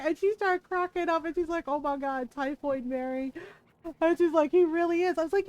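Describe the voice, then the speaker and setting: High-voiced chatty middle-aged woman. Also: normal speed, no room sound, highs cut off. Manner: animated, profane, laughing retelling. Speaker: live streamer. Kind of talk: casual storytelling chat.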